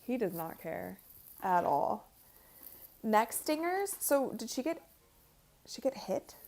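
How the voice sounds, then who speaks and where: A woman hosting a live game watch party, chatting with viewers and reacting out loud to each play. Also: a little high, very animated, slow pace, vocal fry. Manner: talks to chat viewers. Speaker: livestream host.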